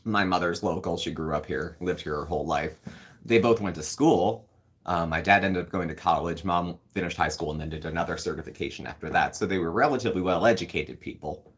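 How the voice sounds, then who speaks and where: Low-voiced man chatting on a live stream. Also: fairly quick. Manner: rambling, answers viewer comments as they come in. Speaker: host. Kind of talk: casual live-stream chat.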